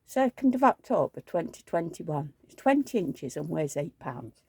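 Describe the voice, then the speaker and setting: With a low, warm, sing-song voice edged with breathiness, a woman in her 70s who collects reborn dolls chats through rambling personal stories on her vlog. She speaks at a normal pace and performs the quoted lines, with no room echo in the recording.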